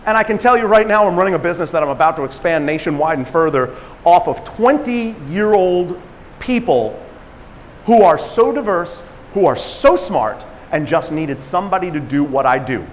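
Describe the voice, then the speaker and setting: A man giving an energetic motivational talk at a conference, acting out quotes and laughing at himself as he tells stories. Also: fairly high pitch, moderate pace, in a large hall, slight background noise. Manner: animated storyteller, acts out quotes, laughs at himself. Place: conference stage in a large hall.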